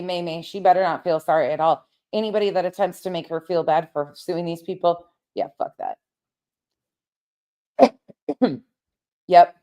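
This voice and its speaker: A woman with a lowish voice chats casually on a late-night livestream, answering her viewers directly. She gets heated and swears freely, and she paces while she talks. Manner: paces around while talking. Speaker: livestream host reading chat.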